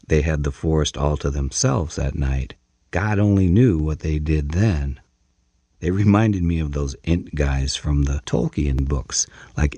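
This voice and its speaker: A man narrating a first-person story as an audiobook, measured and dramatic. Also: a bass voice, dark tone, slightly rough, no room sound.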